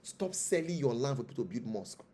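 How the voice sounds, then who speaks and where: A man's voice: mid-range voice, animated, quick pace, warm tone. Preachy Nigerian man. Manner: preachy, rhetorical questions, repeats for emphasis. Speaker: traditional spiritual leader, guest. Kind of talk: impassioned interview monologue.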